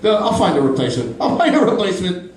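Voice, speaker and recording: Animated stand-up comic man in a roomy club. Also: quick pace, a crowd in the background. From Pakistani family, grew up in Canada. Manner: animated, jumps into high-pitched voices for bits. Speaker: stand-up comedian. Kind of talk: stand-up comedy set. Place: small comedy club stage. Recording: roomy club from a distant mic.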